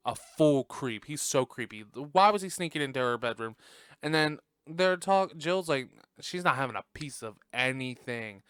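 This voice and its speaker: A man's voice: mid-range voice, lively intonation, normal speed, a bit bright, smooth, no room sound. A man hosting a podcast, giving a casual, sassy and profane reaction to a film and laughing often. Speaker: podcast host. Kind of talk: casual movie reaction commentary.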